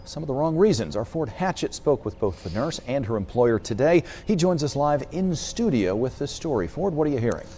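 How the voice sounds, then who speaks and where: A man's voice: medium pitch, very animated, fairly quick, few pauses, warm tone, slight background noise. A man anchoring a TV newscast in a polished, upbeat style. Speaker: TV news anchor. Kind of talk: news anchoring.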